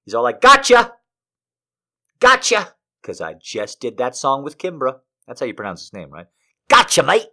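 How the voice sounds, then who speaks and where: A man's voice: medium pitch, lively intonation, fairly quick, hardly any pauses, fairly bright tone. A man hosting a podcast, reading poetry and then chatting casually, often rambling off track with swearing asides. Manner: rambling, easily sidetracked. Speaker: podcast host.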